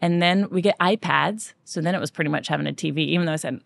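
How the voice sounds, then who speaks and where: A woman's voice: lowish voice, animated, quick pace, creaky. A woman hosting a faith podcast, talking earnestly and conversationally in a monologue. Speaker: podcast host.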